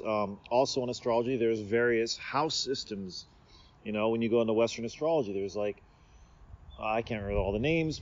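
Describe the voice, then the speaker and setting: Guy rambling outside under a tree, mid pitch, kinda muffled audio, keeps restarting his thoughts. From Seattle area, USA. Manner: meandering, self-interrupting, playful. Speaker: podcast host. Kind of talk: rambling casual monologue. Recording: slightly dull recording.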